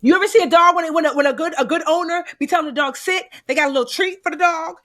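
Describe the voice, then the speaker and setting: With a very high voice delivered rapid-fire, a US woman shares stories as a guest in casual talk. She acts out quoted voices animatedly and sprinkles in folksy asides.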